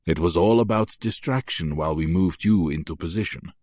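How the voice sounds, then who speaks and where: A male narrator voicing a calm, contemptuous mafia traitor in an audiobook. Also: sits low, brisk, dry recording, clean studio sound. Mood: cold. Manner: calm, contemptuous, snapping when crossed. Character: calm, cold Italian mafia traitor, man. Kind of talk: audiobook character voice.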